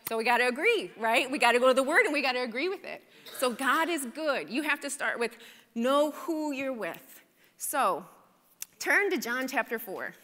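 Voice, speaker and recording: A woman preaching a sermon at a church service, animated and conversational, often checking in with her listeners. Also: high-pitched, moderate pace. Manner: animated, conversational, asks the congregation "right?". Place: church sanctuary. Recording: church hall reverb. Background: congregation responding.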